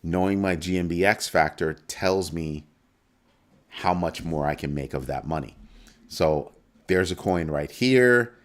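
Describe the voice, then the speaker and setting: A low-voiced man keeps a measured pace while hosting a casual crypto live stream. As he discusses the numbers, his mood swings animatedly from calm to mock panic.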